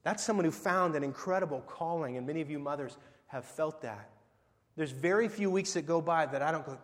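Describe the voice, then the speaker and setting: A man's voice: on the high side, normal speed. Conversational male pastor in an echoing hall. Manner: conversational preaching, rhetorical questions, animated swings in volume. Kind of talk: sermon. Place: church sanctuary. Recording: long hall reverb.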